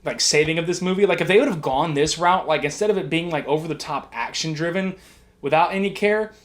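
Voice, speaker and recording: A man co-hosting a podcast, retelling film scenes in a casual, profane, animated way. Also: on the high side, quick pace. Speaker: podcast co-host. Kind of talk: casual movie review chat. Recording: early amateur mic setup.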